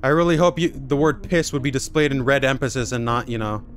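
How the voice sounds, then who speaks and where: A man's voice: medium pitch, fast. A man commenting sarcastically and swearing freely as he plays through a game. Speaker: streamer playing a game. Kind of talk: let's play commentary. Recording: game music behind.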